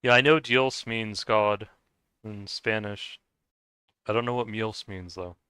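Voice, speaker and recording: A man talking casually while playing a game, his voice low-pitched and smooth. He rambles and hesitates, piling up fillers and restarts with frequent laughs. The sound is dry and close, with no room around it. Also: slow, bright, forceful tone, no room sound. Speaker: gaming streamer. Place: lives in the US.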